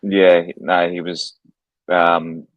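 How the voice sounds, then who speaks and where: A man with a very deep, flat voice chats with a laid-back, hesitant manner. The sound is dull and lo-fi. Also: extremely slow. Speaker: podcast co-host.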